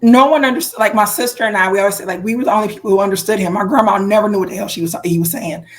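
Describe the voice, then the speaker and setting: A woman's voice: mid-range voice, very fast. A woman co-hosting a casual music podcast, telling stories with lots of fillers and restarts. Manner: animated storyteller, frequent fillers and restarts. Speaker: podcast co-host. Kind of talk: casual chat.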